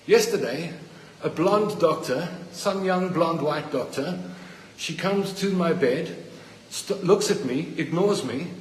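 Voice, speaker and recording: Man, angry patient, phone video, blunt, slightly high voice, echoey hospital ward, long reverb. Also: slow, a little hiss or hum. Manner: indignant, blunt, repeating himself when worked up. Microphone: phone held by the speaker.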